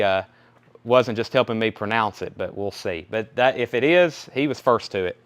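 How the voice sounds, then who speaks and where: Young guy running a live vinyl sale, smooth clear voice, reads off titles and prices nonstop. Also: mid-range voice, a bit bright. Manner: chatty, rattles off titles and prices. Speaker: record store live sale host. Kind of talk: casual live sales stream.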